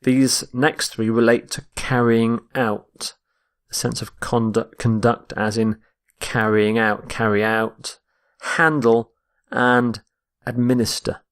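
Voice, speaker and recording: Male English teacher, slow and deliberate, models each word's pronunciation. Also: medium pitch, level tone, fairly bright tone, clean tone. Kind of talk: vocabulary lesson.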